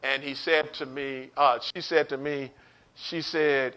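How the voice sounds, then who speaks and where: A man preaching an online Bible study, animated, repeating words and calling out to his listeners. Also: mid-range voice, slow, clean tone. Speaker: pastor teaching a Bible study.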